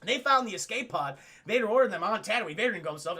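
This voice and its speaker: A young man streaming, retelling a film to his chat in a loose, animated way and swearing often. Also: high-pitched, quick pace, hardly any pauses, slightly rough. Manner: animated, profane, addresses chat. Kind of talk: casual livestream movie retelling.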